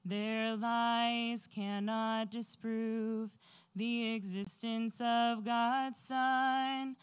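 A woman singing a slow gospel solo in church, soaring on the refrain. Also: fairly high pitch, little pitch movement, clear, resonant tone, soft background music. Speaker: church soloist. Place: church sanctuary.

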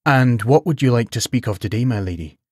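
A man's voice: mid-range voice, expressive, fairly quick, a little mellow, dry recording, studio quality, close to an everyday voice. A man voicing a flustered young knight who stammers and speaks in stiff courtly language in a storybook reading. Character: young male knight, flustered and overly formal.

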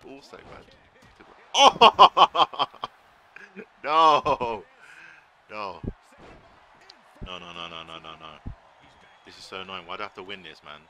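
A man streaming a wrestling video game live, excitedly commentating, swearing and shouting at the screen. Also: sits low, normal speed, pauses often, slight background noise. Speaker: gaming streamer.

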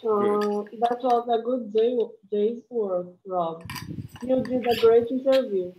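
A woman reading the part of a chatty, teasing young woman, with lively intonation, in a classroom role-play. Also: fairly high pitch, slow pace, a little hiss or hum, poor audio. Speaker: student reading a dialogue.

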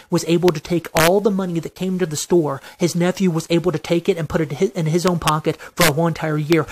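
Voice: mid-range voice, background noise. A vlogger giving a heated, profane and repetitive venting monologue, aggrieved and insistent.

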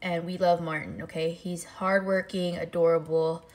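A young woman streaming, chatting casually and telling a lively story, her voice jumping up when she acts out reactions. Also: moderate pace. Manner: animated storytelling, pitch jumps for quoted reactions. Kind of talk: casual chat while eating. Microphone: desk mic, no face cam.

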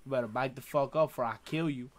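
A young man streaming a shooter game live, swearing and trash-talking through casual commentary with sudden loud outbursts. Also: mid-range voice, quick pace, noisy background. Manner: profane, loud, reacts with outbursts and trash talk. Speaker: gaming streamer.

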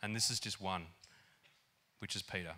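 A man preaching a sermon in an animated, conversational way, with lots of fillers. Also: low voice, moderate pace. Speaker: pastor. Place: church hall.

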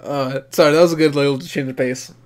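Visibly emotional, this anime reviewer reacts in a loose, excited way, cursing and musing aloud. His voice sits in the middle range and he speaks quickly.

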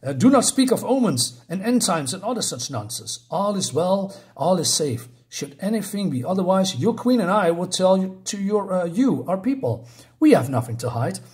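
Guy doing a shifty grand vizier brushing everyone off, slightly high voice. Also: very animated, normal speed, darkish tone. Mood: dismissive. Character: scheming male grand vizier.

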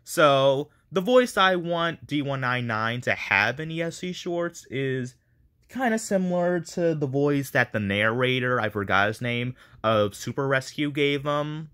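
A man's voice: medium pitch, expressive, measured pace, fairly bright tone. A man casually chatting to viewers as he runs a voice casting call, rambling and self-deprecating. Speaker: video creator running a voice casting call.

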